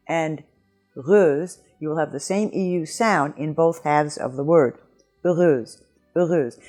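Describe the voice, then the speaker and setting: A woman's voice: fairly low pitch, a little mellow. A woman teaching French pronunciation in an online lesson, explaining patiently and modeling example words.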